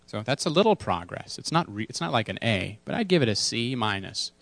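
A man's voice: mid-range voice, very animated, a little fast, vocal fry, a bit bright, no room sound. Candid, self-mocking male pastor. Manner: candid, self-deprecating, repeats words for emphasis. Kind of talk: casual sermon with congregation.

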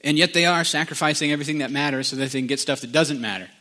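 Hombre predicador de voz brillante y aguda. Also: male voice, a little high, rapid-fire, sharp tone. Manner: conversational storytelling with sung snippets. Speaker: pastor. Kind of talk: sermon.

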